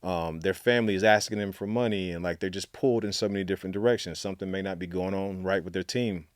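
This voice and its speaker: A man's voice: sits low, fairly even intonation, fast, dry recording, studio quality. A middle-aged man from Alabama, a guest telling stories in a casual, chatty way with lots of fillers. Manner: chatty, many fillers, acts out quotes. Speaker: guest, author and storytelling coach. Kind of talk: casual interview storytelling.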